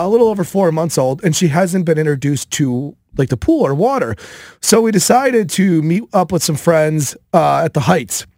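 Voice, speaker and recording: A man in his thirties hosting a podcast, telling a casual story in an animated way, with many fillers. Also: sits high, no room sound, studio quality. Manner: animated, filler-heavy with frequent "like". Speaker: podcast host.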